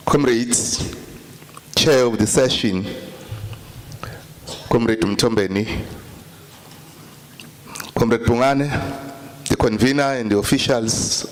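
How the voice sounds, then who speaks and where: A man's voice: medium pitch, slow, long pauses, a faint crowd, a little hiss or hum. A South African man giving a formal political address to a conference after leading rousing chants. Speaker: speaker. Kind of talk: political speech.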